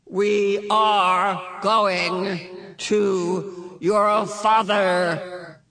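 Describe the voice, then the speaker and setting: A reader voicing an ancient otherworldly female being who speaks very slowly and solemnly, as if from far off. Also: mid-range voice, level tone, crowd noise, pitched above the performer's own voice. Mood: solemn proclaiming. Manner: very slow, drawn-out, proclaiming. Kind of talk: audiobook character voice.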